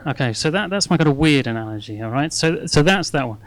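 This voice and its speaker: A man's voice: a little high, animated, fast talker, no room sound. A middle-aged man giving a live talk to an audience. His speech is chatty and self-mocking, and he keeps checking in with "okay?". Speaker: guest speaker at a fundraising masterclass.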